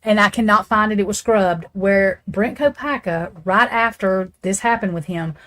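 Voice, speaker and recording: Woman, true crime host, casual rambling chat, blunt, profane, mid-pitched voice. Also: moderate pace, a bit bright.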